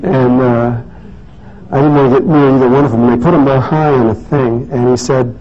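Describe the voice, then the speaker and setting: A man's voice: medium pitch, steady tone, moderate pace. A man telling a story in a casual talk, rambling with many restarts and fillers. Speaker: speaker giving a talk. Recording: dull lo-fi recording with faint noise.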